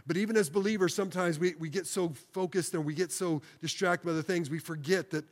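A man's voice: high-pitched, fairly even intonation. A man preaching as pastor in a church service, leading the congregation through spoken phrases and ending in an earnest, pleading prayer. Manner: slows to repeat phrases with congregation. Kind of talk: sermon closing with prayer. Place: church sanctuary, broadcast service.

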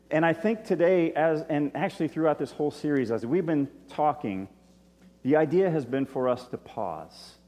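A man giving a sermon as a pastor, in a relaxed, conversational way with asides to his listeners. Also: a little high. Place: church stage. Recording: long reverb of a large hall.

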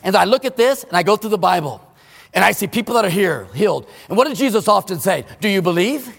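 A male pastor preaching a sermon in a church, emphatic, swinging between loud exclamations and hushed asides. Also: high voice, expressive, quick pace, creaky, long reverb tail. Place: church sanctuary.

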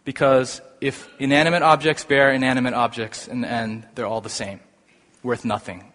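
A man preaching a sermon, explaining scripture in an animated way that builds to excited emphasis. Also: mid-range voice, moderate pace. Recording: long hall reverb.

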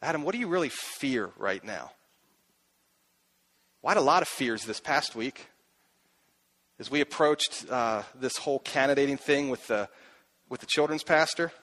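A man's voice: mid-range voice, animated, moderate pace, long pauses, a bit bright. A middle-aged man preaching a sermon as a pastor, earnest, asking himself questions aloud and repeating key phrases.

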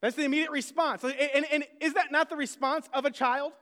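A man's voice: very high-pitched, steady tone, a little fast, bright, forceful tone, long reverb tail. A man, a pastor, preaching a sermon conversationally, with self-deprecating asides to the congregation.

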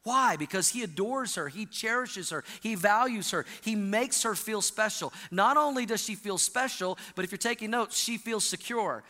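A male pastor preaching a sermon in a church, animated, calling on the congregation to repeat lines after him. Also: sits high, normal speed, few pauses, in a large hall. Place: church sanctuary.

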